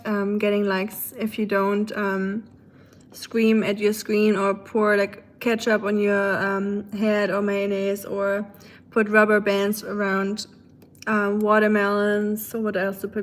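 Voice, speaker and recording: A woman from Germany with a German accent, chatting casually with viewers while she cooks on a phone livestream in her kitchen. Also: medium pitch. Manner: chatty, reads out and answers viewers' chat, laughs often. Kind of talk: casual cooking livestream chat. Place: home kitchen. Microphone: phone on the counter.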